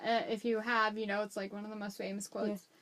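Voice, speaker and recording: A woman co-hosting a casual movie review chat, excitable and jokey, acting out moments from her notes. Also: medium pitch, fairly quick.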